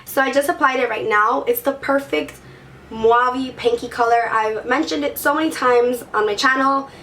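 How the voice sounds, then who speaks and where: A woman's voice: high-pitched, fairly even intonation, normal speed, bright, forceful tone, distant mic, slight background noise. Chatty woman vlogger with a sore throat. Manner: chatty, peppered with "like", gushing. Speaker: beauty vlogger. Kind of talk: casual chat to camera.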